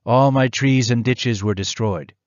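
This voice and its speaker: A man voicing a poor older Afghan former farmer who speaks in short, halting broken English. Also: medium pitch, no room sound, highs cut off, natural voice. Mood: weary, sad.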